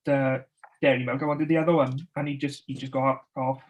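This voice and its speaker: A man tells his anecdotes in easy conversation, chuckling as he goes and putting on voices for the people in his stories. His voice sits in an ordinary middle pitch for a man. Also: steady tone, normal speed, rough recording. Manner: laughing anecdote telling with acted quotes. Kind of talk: casual chat.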